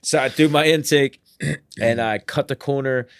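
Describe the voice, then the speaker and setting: A man's voice: mid-range voice, steady tone, normal speed, no room sound, studio quality. A young man telling stories from his own life in a casual podcast interview, laughing a lot, swearing freely and saying "bro" and "dude" constantly. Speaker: podcast guest. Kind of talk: casual storytelling.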